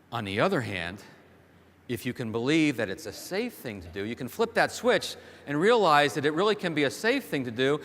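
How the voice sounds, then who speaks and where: A man's voice: mid-range voice, a bit bright. Motivational speaker man on a reverberant stage. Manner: storytelling with rhetorical questions to the audience. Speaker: keynote speaker. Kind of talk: motivational keynote speech. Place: large hall stage before a big audience. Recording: long hall reverb from a stage.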